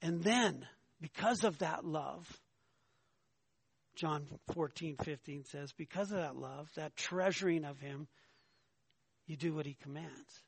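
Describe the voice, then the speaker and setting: A man preaching a sermon, emphatic, often asking his listeners "right?" and rising in pitch when he argues a point. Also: takes it slowly, creaky, long pauses, breathy edge, no echo. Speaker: pastor.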